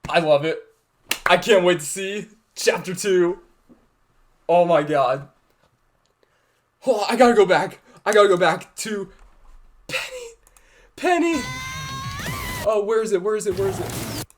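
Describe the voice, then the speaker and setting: A man hosting a fan reaction video, gushing and shouting with excitement over the show he is watching. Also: sits high, normal speed, pauses often.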